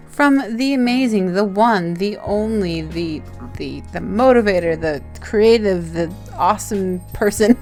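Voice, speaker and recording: A woman's voice: mid-range voice, a little slow, darkish tone, faint music behind. An Australian woman opening fan mail on her vlog in a bubbly, gushing, giggly and rambling way. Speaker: zine-maker vlogger.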